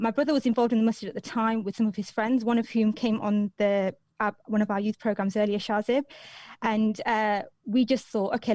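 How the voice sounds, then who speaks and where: A young woman from Leicester, England, answers interview questions as a radio guest, telling her story chattily with plenty of ums. Her voice is mid-range and warm, and the recording is dry.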